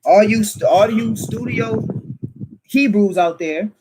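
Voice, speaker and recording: A man's voice: sits high, slow pace, crowd noise, low-quality recording. A man preaching informally to a small group, emphatic and fond of rhetorical questions, laughing as he teases. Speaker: teacher.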